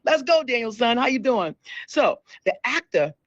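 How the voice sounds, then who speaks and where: A woman's voice: on the high side, normal speed, dry recording, dull audio. Chatty woman hosting a gossip show. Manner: chatty, animated, repeats words for emphasis. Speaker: show host. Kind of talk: casual entertainment news chat.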